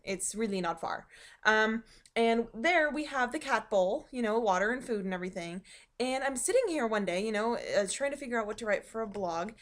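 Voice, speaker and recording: High-voiced chatty young woman vlogging. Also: animated, normal speed. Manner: chatty and rambling, frequent ums and likes. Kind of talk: casual storytelling vlog. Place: home dining room, indoors.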